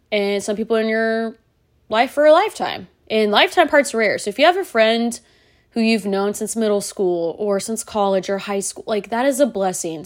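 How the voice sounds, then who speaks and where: A woman in her thirties hosting a solo podcast, talking bluntly and candidly straight to the listener. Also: fairly high pitch. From United States. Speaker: podcast host.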